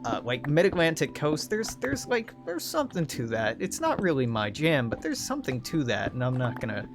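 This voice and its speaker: A man's voice: on the high side, wildly swooping pitch, brisk. Sardonic, profane young man rambling. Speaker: gaming channel host. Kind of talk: casual rambling commentary over gameplay. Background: background music.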